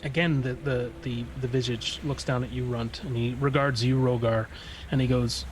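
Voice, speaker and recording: A man running a tabletop game, describing scenes in a halting, searching way. His voice sits at a middle pitch, with a faint noise underneath. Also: steady tone, poor audio. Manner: halting, many fillers and restarts. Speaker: game master.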